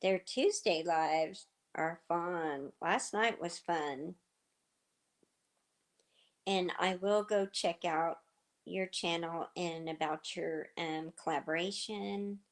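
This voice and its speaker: A middle-aged woman hosting a livestream, chatting casually and telling rambling stories with lots of fillers, her voice slightly hoarse. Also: on the low side, slow pace. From southern United States. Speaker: livestream host. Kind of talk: casual chat with viewers.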